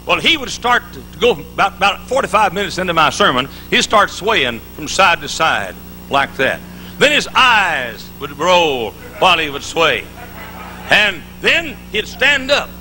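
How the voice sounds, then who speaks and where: A man's voice: high voice, pushed and bright, slight background noise, poor audio. A middle-aged man preaching a live conference sermon, telling folksy stories with jokes and frequent restarts. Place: large conference hall.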